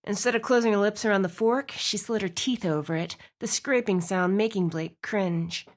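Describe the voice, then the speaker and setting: A woman reading a romance audiobook aloud, with expressive narration. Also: mid-range voice, moderate pace. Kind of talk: scripted narration.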